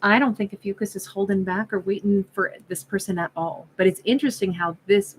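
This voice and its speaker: A woman's voice: medium pitch, slight background noise, poor audio. Chatty woman musing over tarot cards. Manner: chatty and musing, acting out imagined dialogue; frequent self-interruptions and restarts. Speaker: tarot card reader. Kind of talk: casual tarot reading monologue.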